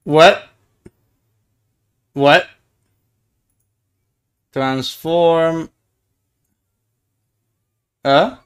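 A man chatting on a live stream in a slightly high, smooth, clear voice. He talks slowly but excitably, stammering and repeating himself as he greets viewers and jokes around. The tone is casual and playful.

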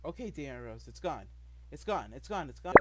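A man's voice: medium pitch, very animated, brisk, heavy background noise. A man giving rambling, jumpy commentary while playing a game, apologizing often. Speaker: gameplay video maker. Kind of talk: gameplay commentary.

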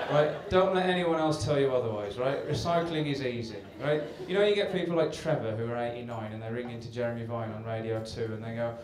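A man's voice: mid-range voice, fairly quick, darkish tone. Man, stand-up comic, self-deprecating storyteller, very roomy club sound, distant hissy recording. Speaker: stand-up comedian. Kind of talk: stand-up routine. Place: comedy club stage. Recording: echoey live club recording from far off with hiss.

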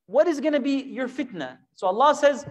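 A man teaching a Quran lesson, animated and full of rhetorical questions, now and then acting out imagined voices. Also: very high voice, a little fast.

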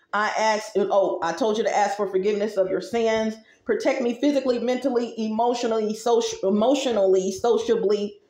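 A woman's voice: medium pitch, darkish tone, reverberant. A woman vlogger giving casual spiritual advice, chatty and rambling, talking straight to her viewers.

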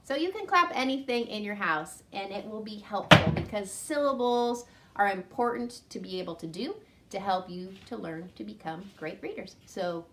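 A woman teaching young children, speaking slowly and in a sing-song way as she claps out syllables. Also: mid-range voice, animated, a bit bright, a little hiss or hum. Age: adult with a son. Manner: slow and sing-song, clapping syllables aloud. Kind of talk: children's lesson.

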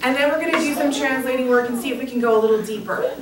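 A woman's voice: sits high, rapid-fire. A woman teacher leading a classroom lesson, encouraging her students and calling on them by name. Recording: echoey classroom, distant mic, background noise.

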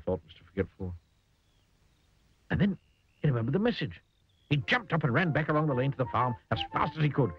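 A man narrating a children's storybook with a gentle comic touch, over a dull lo-fi recording with music behind. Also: medium pitch, fairly quick, long pauses, breathy edge, no echo. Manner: lively, gently comic telling.

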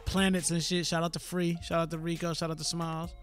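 A man's voice: a little high, little pitch movement, fast, soft background music. A man hosting a podcast, talking in loose, profane, joking banter with his co-host. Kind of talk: casual chat.

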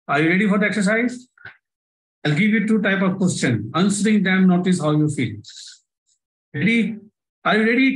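A workshop trainer with an Indian English accent leads a live online session over video call, coaxing participants through exercises and repeating himself often. His voice is fairly high, and the recording is rough.

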